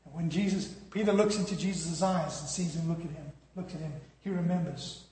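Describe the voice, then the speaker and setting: A man's voice: a little high, steady tone, brisk, hardly any pauses, a little mellow. A man preaching a sermon in a storytelling way, with dramatic drops in volume. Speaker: pastor. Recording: echoey hall reverb.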